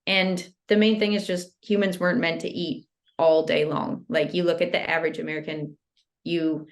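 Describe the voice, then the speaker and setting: Female guest expert, low-pitched, steady and casual, explains things plainly. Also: normal speed. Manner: steady, explanatory, uses "like" often. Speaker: health guest.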